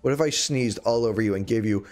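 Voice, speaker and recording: A man's voice: fairly low pitch, fast talker, darkish tone, faint music behind. A man chatting casually to his viewers on a live gaming stream, rambling and joking as he plays. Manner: rambling, jokey, talking to chat while playing.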